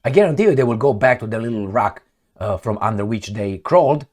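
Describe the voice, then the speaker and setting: A man's voice: medium pitch, brisk. A man riffs through his own commentary vlog in a blunt, profane way, with a voice that swings up and down all the time. He hammers points home by repeating words and throws in mouth-made sound effects like gunshots and kicks. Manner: animated, emphatic, repeats words for stress. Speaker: channel host. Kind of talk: opinionated political commentary vlog.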